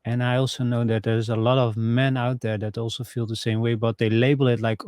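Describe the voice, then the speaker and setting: Man, podcast host, earnest, halting, mid pitch, dry sound. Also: flat delivery, darkish tone, no room sound. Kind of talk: podcast interview.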